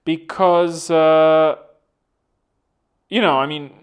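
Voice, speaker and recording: A man's voice: fairly high pitch, fairly even intonation, extremely slow, clean tone. A young South African man giving casual political commentary, rambling and poking fun at himself. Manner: rambling, self-deprecating joking. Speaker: vlogger.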